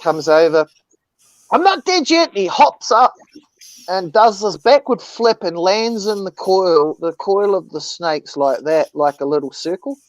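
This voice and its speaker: A man's voice: high voice, moderate pace, few pauses, darkish tone, no echo. A man rambling through a funny story in casual chat, swearing as he goes.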